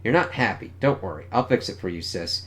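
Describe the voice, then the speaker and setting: A man's voice: on the low side, lively intonation, a little fast, fairly bright tone. A man reading the lines of a cheerfully menacing, godlike young man from a comic, in an offhand tone.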